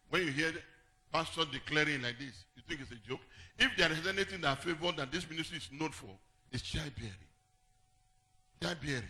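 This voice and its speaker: A man preaching a sermon as pastor, singing some phrases and shouting others, then dropping low to tell stories.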